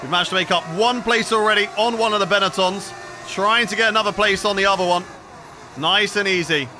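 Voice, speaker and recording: A man from the UK streaming a racing game live, chatty and excitable, reading his chat aloud as he commentates. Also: high-pitched, brisk, background noise. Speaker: gaming streamer.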